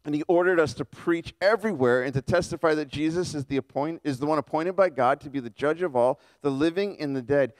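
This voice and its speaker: A man's voice: a little high, dry recording. A male pastor preaching a casual, joking sermon and acting out the people in the story. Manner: casual, joking, acts out characters with quick voice shifts. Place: church.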